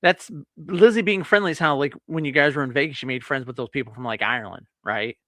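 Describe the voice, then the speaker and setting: Bright-voiced joking male co-host. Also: medium pitch, fast talker, no echo, clean studio sound. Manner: joking, teasing banter. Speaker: podcast co-host. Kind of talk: casual chat over beers.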